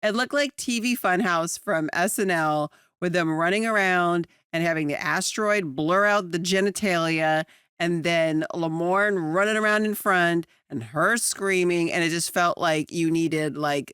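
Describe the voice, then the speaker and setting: A woman co-hosting a podcast, chatting casually about a sitcom episode, animated and laughing often. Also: measured pace, clean tone, dry recording, clean studio sound. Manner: animated, laughs often, jumps to high excited pitch. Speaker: podcast co-host.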